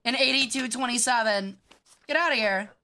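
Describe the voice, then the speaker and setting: Bright bratty woman streamer. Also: fairly high pitch. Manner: bratty, swears freely, quick reactions. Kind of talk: casual gameplay commentary.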